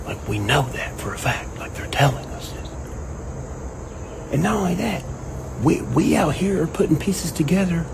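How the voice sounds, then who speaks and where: A man's voice: a little high, normal speed, vocal fry, pauses often, background noise. Profane rambling man ranting. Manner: profane, rambling, animated, quotes people in mock voices. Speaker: online commentator. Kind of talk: casual rant to camera.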